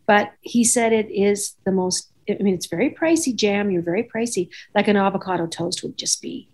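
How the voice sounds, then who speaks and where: A woman's voice: mid-range voice, normal speed, a little mellow. A woman hosting a podcast, telling rambling anecdotes in casual chat and acting out the dialogue. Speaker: podcast host.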